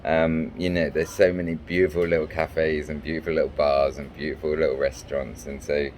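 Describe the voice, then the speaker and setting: Low-voiced rambling man. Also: level tone, brisk, darkish tone, a little hiss or hum. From England. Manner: chatty, meandering, full of ums and restarts. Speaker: vlogger and fairy maker. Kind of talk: rambling travel anecdote. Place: small hotel room.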